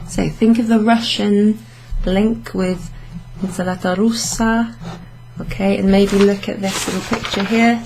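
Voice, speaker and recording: A woman teaching Italian in a relaxed, chatty classroom way, laughing often and saying her examples slowly. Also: medium pitch, slight background noise, poor audio. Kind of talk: casual classroom explanation.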